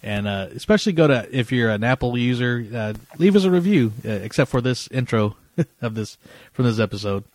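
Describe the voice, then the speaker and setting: A man's voice: mid-range voice, lively intonation, fairly quick, a little mellow, no echo. A man co-hosting a podcast in casual chat, rambling with lots of fillers and frequent laughter. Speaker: podcast co-host.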